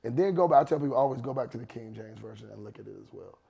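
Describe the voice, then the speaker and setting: A man in his forties, a worship leader talking casually on a podcast couch, relaxed and slangy, repeating his advice for emphasis. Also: mid-range voice, racing, gravelly, muffled recording, slight background noise. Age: 40s. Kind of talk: casual chat.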